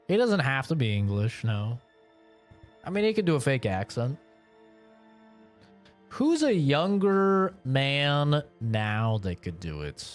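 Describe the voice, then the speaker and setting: A young man streaming and chatting casually, rambling and joking with a lot of swearing. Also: mid-range voice. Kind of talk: casual chat.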